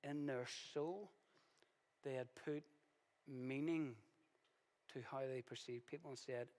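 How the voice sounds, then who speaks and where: A male pastor preaching a sermon in a conversational way, with sudden loud, emphatic bursts. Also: medium pitch, steady tone, measured pace. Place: church hall. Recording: reverberant church hall.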